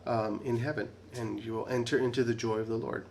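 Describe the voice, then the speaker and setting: A man's voice: mid-range voice, level tone, brisk, creaky, darkish tone. A middle-aged man who teaches a casual Bible study, talking conversationally with frequent tag questions and restarts. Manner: conversational, repeats "right?", restarts often.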